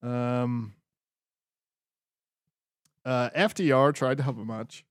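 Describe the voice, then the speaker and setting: A man's voice: mid-range voice, steady tone, slow pace, clean tone, no room sound, clean studio sound. A man co-hosting a podcast, recapping wrestling in a laid-back way with lots of fillers and the odd swear. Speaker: podcast co-host. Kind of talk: casual wrestling chat.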